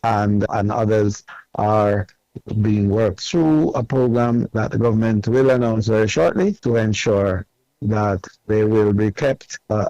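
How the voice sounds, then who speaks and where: A man, a government minister speaking in formal, measured official language in a news interview clip. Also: lowish voice, dark tone, no room sound. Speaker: tourism minister. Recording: dull, muffled interview clip.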